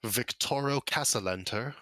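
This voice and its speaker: A man voicing a brisk noble man who takes charge and calls his companions lads. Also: medium pitch, pushed and bright, no room sound, close to an everyday voice. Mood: commanding. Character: commanding noble man leading the group.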